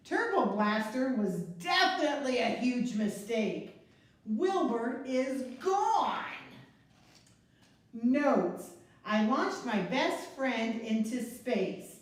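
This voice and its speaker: Slow, expressive woman reading a storybook. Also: sits high. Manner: slow, expressive read-aloud with gasps and playful asides. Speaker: children's librarian reading storytime. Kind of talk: reading a picture book aloud to children. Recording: echoey room, mic at a distance.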